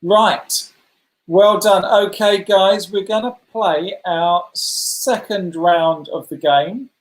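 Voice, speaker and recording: Speaking slowly in a high voice, a man runs a children's club and hosts a letter-guessing game over video call. He's chatty and encouraging, praising each player by name. The room adds a spacious echo.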